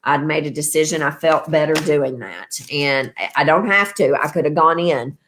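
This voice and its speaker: A woman's voice: deep voice, normal speed. A woman in her fifties hosting a casual livestream, rambling and tired after an illness, thanking her viewers. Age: 50s. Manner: rambling, warm toward viewers. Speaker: wellness show host.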